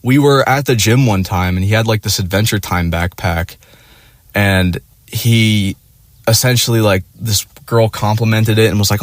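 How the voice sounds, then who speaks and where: A man's voice: on the low side, moderate pace, no echo. A man telling a story in casual chat, swearing constantly and padding with "like" and "you know," acting out his friends' lines. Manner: profane, rambling, full of "like" and "you know"; animated, acts out friends in quoted voices.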